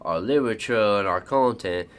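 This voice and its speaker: A man voicing a folksy adult male salesman with a thick Southern accent, pitching chummily on a cold call. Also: normal speed, close to an everyday voice.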